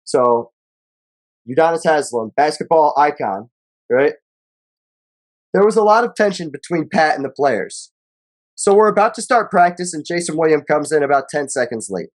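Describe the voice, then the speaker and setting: A man's voice: on the high side, very animated, normal speed, pauses often. A man co-hosting a casual sports podcast, reading stats and quotes aloud in a loose, profane way. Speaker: podcast co-host.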